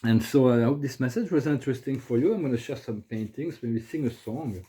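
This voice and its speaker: A man hosting a casual spiritual video, soft-spoken and halting, often repeating words and restarting his sentences. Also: mid-range voice, breathy edge, low-quality recording. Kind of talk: casual spiritual vlog talk.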